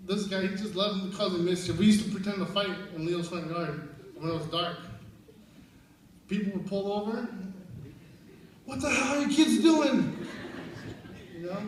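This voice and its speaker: A young man telling stories at a memorial service, laughing often and acting out what people said. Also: high voice. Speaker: eulogy speaker at a memorial service. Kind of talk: storytelling remembrance. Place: large room at a memorial service. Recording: very echoey hall, far from the mic, background noise.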